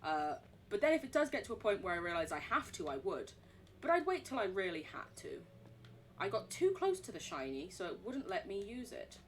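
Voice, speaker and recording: A woman's voice: medium pitch, sing-song, a little fast, slight background noise. Chatty English woman streaming a game. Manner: chatty and rambling, swears casually, laughs often. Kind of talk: live gameplay commentary, reading in-game notes aloud.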